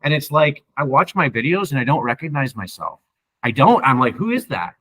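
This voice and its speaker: A man's voice: mid-range voice, animated, fairly quick, a bit bright, slightly rough, poor audio. A young man from Canada talking casually in an interview, rambling and emphatic, with many "right?" asides. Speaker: podcast guest sharing his sobriety story.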